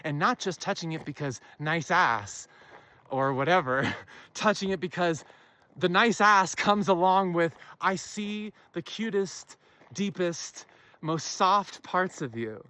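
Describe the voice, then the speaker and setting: A woman giving an impassioned spiritual monologue to her viewers, stressing key phrases by slowing down and asking rhetorical questions. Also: fairly low pitch, pushed and bright. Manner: emphatic, asks rhetorical questions to the listener. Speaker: self-help speaker.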